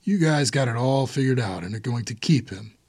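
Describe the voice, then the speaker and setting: A man's voice: medium pitch, lively intonation, fairly quick, a little mellow, husky, no room sound. A man voicing a grim, blunt hardened older brother in an audiobook.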